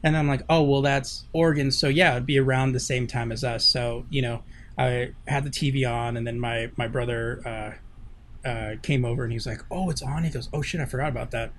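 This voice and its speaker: A man's voice: medium pitch, fairly even intonation, brisk, slight background noise. Laughing man in easygoing podcast chat. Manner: laughs often, rambling. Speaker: podcast co-host. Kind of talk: casual banter.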